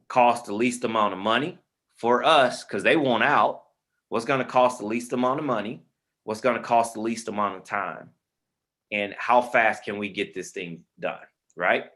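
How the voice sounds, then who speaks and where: A man's voice: mid-range voice, a little slow, a bit bright. A man teaching a real estate webinar on a video call, informal and friendly, calling listeners man and brother. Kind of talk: online webinar instruction.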